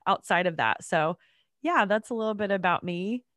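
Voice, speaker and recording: A woman's voice: mid-range voice, animated, moderate pace, a bit bright, no echo, studio quality. Congested woman from North Carolina. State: congested, voice deeper than usual. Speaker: podcast guest. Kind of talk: interview answers.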